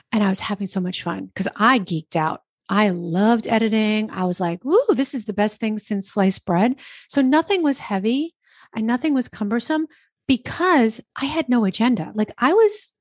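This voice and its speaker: A talkative woman from New Jersey recounts her story as a podcast guest. She chats in an animated way, slipping into quoted self-talk. Her voice sits at a middle pitch on a close, dry microphone with no room sound. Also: dry recording. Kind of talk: casual interview storytelling.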